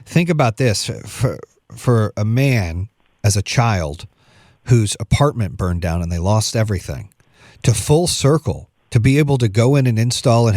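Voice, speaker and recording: A man's voice: on the low side, expressive, moderate pace, darkish tone, no echo, clean studio sound. A middle-aged man hosting an interview, enthusiastic and bro-ish, often saying "dude.". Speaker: podcast host. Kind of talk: casual interview chat.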